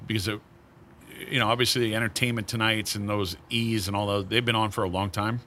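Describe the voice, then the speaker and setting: A man with a low but bright, forceful voice tells relaxed stories as an interview guest. He slips into the voices of the people he quotes. A faint hum of ambient noise sits behind him. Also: fast. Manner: animated storyteller acting out quoted voices. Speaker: cigar brand founder, guest. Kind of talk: casual storytelling interview.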